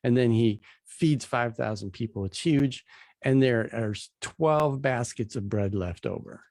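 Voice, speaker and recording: A man's voice: mid-range voice, a little slow, a little mellow, no room sound. A man casually teaching a Bible passage, retelling its scenes in plain, everyday slang as he walks through slides.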